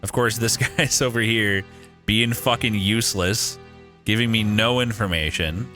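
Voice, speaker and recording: A man's voice: lowish voice, a little slow, bright, forceful tone, soft background music. A man streaming a game live, thinking aloud with casual swearing and frequent laughs. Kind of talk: live gameplay commentary.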